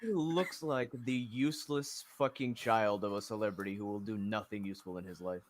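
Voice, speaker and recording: A man's voice: fairly low pitch, fairly quick. A man co-hosting a stream, ranting and mocking in casual profane chat. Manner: mocking, ranting, swearing a lot. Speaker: stream co-host.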